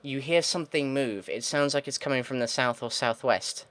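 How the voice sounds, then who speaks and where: Male let's-play host reading game text, mid-pitched, cursing asides, thinking aloud. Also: moderate pace, fairly bright tone. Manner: swears often, mutters frustrated asides; thinks aloud, reads text then reacts. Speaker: gaming video host.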